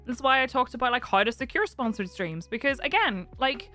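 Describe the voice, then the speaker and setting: Giggly, lively woman streamer. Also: high voice, a little fast, faint music behind. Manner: giggly, animated, laughs often; coos in a soft baby voice to her pets. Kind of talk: casual live-stream chat.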